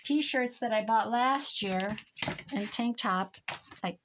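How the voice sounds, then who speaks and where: A woman's voice: a little high, takes it slowly, noisy background. Chatty middle-aged woman crafting at her desk. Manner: rambling, self-talking, chatty with asides to herself. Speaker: crafting YouTuber. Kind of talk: casual crafting chat while working.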